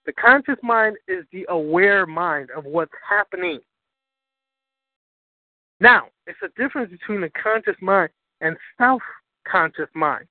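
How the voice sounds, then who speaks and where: A high-pitched man holds forth as host of a spiritual talk show, emphatic and profane, often checking "you understand?" His voice comes through a narrow, phone-like line. The sound is dry, with no room echo. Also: lively intonation, a little slow, long pauses.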